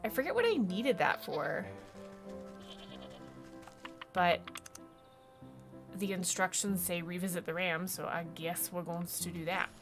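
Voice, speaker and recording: A woman's voice: lowish voice, expressive, measured pace, long pauses, music in the background. A woman streamer chatting casually while playing a game and reading its text aloud.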